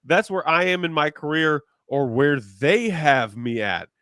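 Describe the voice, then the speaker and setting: A man's voice: on the high side, animated, measured pace, pushed and bright, dry recording, studio quality. A man co-hosting a sports podcast, incredulous and sarcastic, mocking a player with made-up quotes. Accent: Chicago. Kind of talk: heated sports talk.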